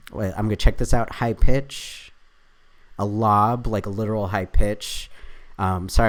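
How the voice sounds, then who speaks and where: Hosting his own video, a man with a lowish voice solves a crossword aloud. He half-mutters the clues and tosses in chatty remarks that poke fun at himself.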